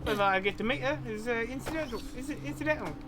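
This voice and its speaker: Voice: medium pitch, animated, very fast, background noise. A streamer commentating a live game in a put-on mix of Cockney and Australian accents, rambling and repeating phrases with self-amused asides.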